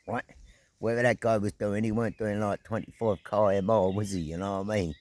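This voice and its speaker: A middle-aged man vlogging outdoors at an evening camp, telling a story in a casual, animated way, full of slang, swearing and sound effects. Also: on the low side, fast talker.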